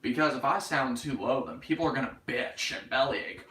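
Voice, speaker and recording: A man's voice: medium pitch, normal speed, few pauses, bright, forceful tone, roomy sound, recorded from a distance, low-quality recording. A man in his twenties with a North Carolina Southern accent, hosting a casual livestream chat, rambling, joking and swearing as he reads comments. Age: 20s. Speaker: livestream host.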